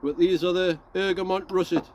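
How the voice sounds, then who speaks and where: A man with a high voice chats away outdoors on his allotment, rambling off topic and chuckling at himself as he talks to his viewers. Faint outdoor noise and the odd passing vehicle sit behind him. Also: steady tone, normal speed. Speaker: allotment gardening vlogger. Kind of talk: casual chat to camera.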